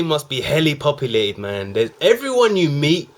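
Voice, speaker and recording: A young man hosting a reaction video, talking in a casual, excited, slang-heavy way. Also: a little high, normal speed, over loud music.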